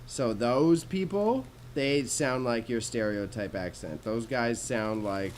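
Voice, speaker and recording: A man's voice: mid-range voice, slow, hardly any pauses, rough recording. Casual Canadian male streamer, young, slangy and laid-back, faint room hum behind. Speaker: livestreamer. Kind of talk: casual livestream chat while sorting jewelry.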